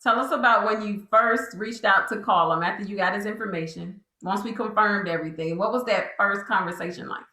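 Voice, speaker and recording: A woman's voice: medium pitch, brisk, hardly any pauses, pushed and bright, echoey room, rough recording. A woman hosting an interview, asking long probing questions and offering encouragement. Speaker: host.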